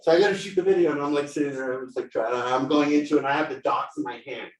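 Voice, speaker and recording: A middle-aged man giving a casual sales workshop, telling animated stories and acting out what people said. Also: mid-range voice, racing. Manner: animated storyteller, acts out quotes. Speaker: title company rep giving a sales seminar. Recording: echoey room, mic at a distance.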